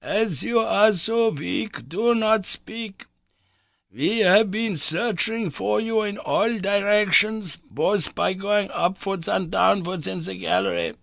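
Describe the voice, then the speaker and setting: A man voicing an older scholarly uncle who speaks slowly and reassuringly, with a raised pitch. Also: gravelly, fairly bright tone, no echo, exaggerated voice. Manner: slow, deliberate and reassuring. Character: older male scholar uncle, steady and encouraging.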